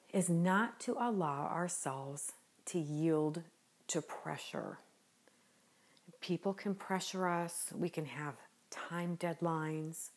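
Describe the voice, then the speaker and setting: A woman hosting a devotional podcast, talking gently and earnestly in an unhurried way with a smile in her voice. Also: fairly low pitch. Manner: gentle, unhurried and earnest, smiling as she speaks. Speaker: podcast host.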